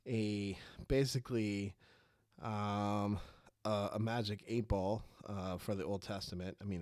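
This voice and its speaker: A man's voice: lowish voice, a little mellow, dry recording, clean studio sound. A man hosting a faith podcast, telling a Bible story in a loose, rambling way with lots of fillers and restarts, acting out the characters' lines as he goes. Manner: rambling, many fillers and restarts, laughs at his own tangents. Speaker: podcast host. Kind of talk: casual faith podcast talk.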